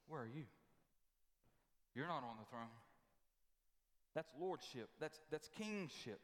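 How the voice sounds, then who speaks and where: A man's voice: on the high side, lively intonation, takes it slowly, pauses often. A man, a pastor, preaching a sermon in a folksy, emphatic way, repeating his points. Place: church sanctuary. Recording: long church hall reverb.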